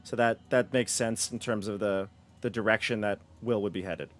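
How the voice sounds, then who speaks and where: A man's voice: lowish voice, steady tone, normal speed, fairly bright tone. A man narrating as game master in a chatty, self-correcting way.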